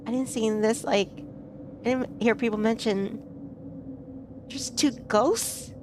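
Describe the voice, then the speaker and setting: A woman's voice: fairly high pitch, takes it slowly, long pauses, a little hiss or hum. A woman streaming a game, chatting casually and playfully, reacting aloud to what happens on screen.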